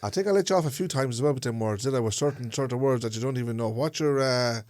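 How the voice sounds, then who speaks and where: A man's voice: medium pitch, fast, darkish tone, no room sound. Podcast co-host: Irish man, teasing and playful, dry close sound. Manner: teasing, quizzing his co-host. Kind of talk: casual chat.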